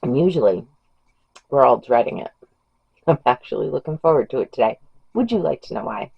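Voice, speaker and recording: A woman's voice: very deep voice, expressive, brisk, vocal fry, slightly rough. A woman vlogger chatting about books in a rambling, gushing way. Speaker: book vlogger. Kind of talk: casual chat about books. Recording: dull lo-fi home recording.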